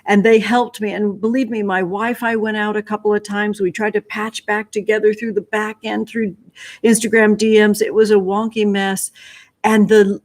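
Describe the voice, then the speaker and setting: A woman's voice: medium pitch, level tone, normal speed, darkish tone. Woman, livestream host, effusive, affectionate, chatty, greets viewers by name. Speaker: livestream host, tarot reader.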